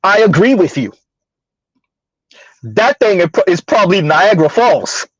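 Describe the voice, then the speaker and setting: A man's voice: sits high, big pitch swings, measured pace, breathy edge, no echo. A man hosting a casual livestream, chatting with viewers, laughing often and stumbling over repeated words. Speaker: livestream host. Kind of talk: casual livestream commentary reading chat. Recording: dull lo-fi dry sound.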